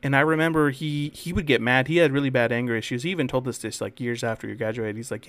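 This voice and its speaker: A man's voice: mid-range voice, steady tone, fast, hardly any pauses, a bit bright. A young man co-hosting a podcast, telling school stories in a rambling, swear-filled casual chat. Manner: rambling storyteller, swears freely. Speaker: podcast co-host.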